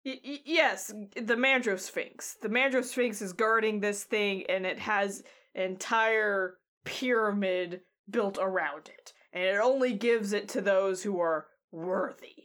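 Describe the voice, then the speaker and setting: A woman runs a tabletop game as game master. She talks in halting bursts with frequent restarts. Her delivery stays fairly flat. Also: medium pitch.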